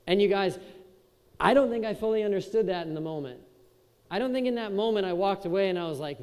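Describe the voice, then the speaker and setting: Young man from Wisconsin, high voice, casual joking keynote speaker, hall reverb. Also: animated, fast talker, darkish tone. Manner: casual and joking, chats with the crowd. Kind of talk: motivational speech to a youth audience. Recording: echoey hall with long reverb.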